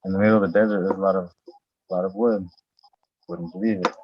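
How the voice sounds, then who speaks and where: Low-voiced man, profane rambling chat. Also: steady tone, fast. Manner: profane, rambling, acts out his own lines in a raised voice. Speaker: podcast host. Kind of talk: casual chat. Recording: dull lo-fi sound.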